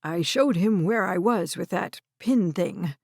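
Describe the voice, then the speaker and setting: A woman's voice: on the low side, expressive, unhurried, creaky, darkish tone, dry recording, clean studio sound, heavily acted. A woman voicing a frail, kindly old grandfather with a quavering, hesitant voice in an audiobook. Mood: tearful.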